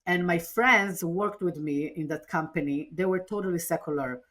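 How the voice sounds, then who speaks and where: As a guest on a podcast interview, a woman earnestly and animatedly recounts a personal story, frequently restarting her sentences. Her voice is fairly low and she talks at a normal speed.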